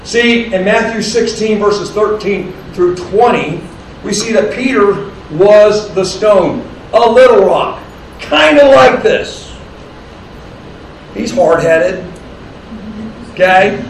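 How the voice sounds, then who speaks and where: A man preaching a sermon, reading scripture slowly and deliberately, then explaining it to a congregation. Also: high voice, slight background noise. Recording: distant, very echoey room with faint ambience.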